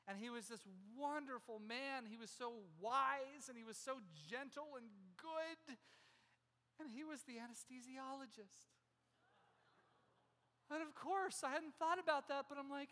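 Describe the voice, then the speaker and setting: A man's voice: very high voice, sharp tone. A man preaching, telling a personal story with self-mocking humor and acting out the other people in it. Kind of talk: sermon storytelling. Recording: long hall reverb.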